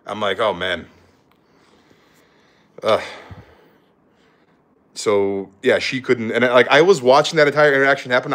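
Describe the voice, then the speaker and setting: A man's voice: medium pitch, a bit bright. A young man, a travel vlogger, telling a rambling casual story from a hotel room, full of fillers and quoted voices.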